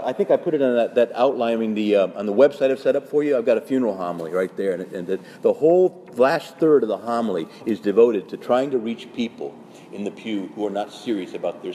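A man preaching as a Catholic priest, urgent and pleading. His voice is warm and mellow, and it jumps up in pitch and volume when he presses a point. A faint hiss of noise sits underneath. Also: expressive, fast talker. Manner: urgent and pleading, with sudden rises in pitch and loudness; acts out quoted parishioners in their voices. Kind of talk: sermon-style teaching talk.

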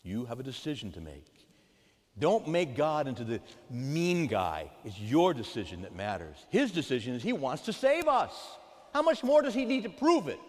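Emphatic priest in a reverberant church. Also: male voice, medium pitch, big pitch swings, normal speed. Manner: emphatic, swings between loud and hushed. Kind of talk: sermon.

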